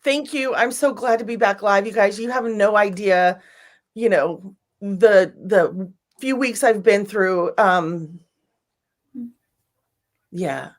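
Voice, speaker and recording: A woman's voice: medium pitch, takes it slowly, long pauses. A woman hosting a live stream, chatting casually with a guest and gushing over viewer comments. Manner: bubbly, gushing, animated. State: teary, emotional.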